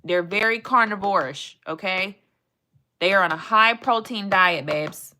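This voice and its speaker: Chatty woman with a bright voice. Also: medium pitch, measured pace, a little hiss or hum. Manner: playful, chatty, talks to chat and reads facts aloud. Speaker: live streamer. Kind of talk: casual live-stream chat.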